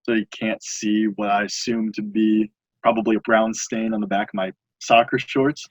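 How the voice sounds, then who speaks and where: A young man casually telling a long funny story on a podcast, animated and acting out other people's lines. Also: lowish voice, moderate pace, no room sound, poor audio. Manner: animated, laughing storyteller acting out quoted voices.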